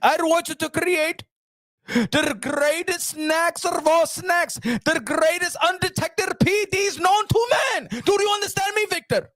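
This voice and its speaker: A man's voice: extremely high pitch, a little slow, no room sound, studio quality. A man doing a comic impression of a scheming, bossy middle-aged boxing promoter who barks demands and repeats himself. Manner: demanding, repeats questions, bursts into shouts.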